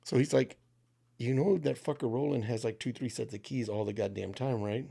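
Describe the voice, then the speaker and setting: A man on a podcast, telling a drinking story in casual, profane, animated chat. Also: medium pitch, brisk, gravelly, husky. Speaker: podcast co-host.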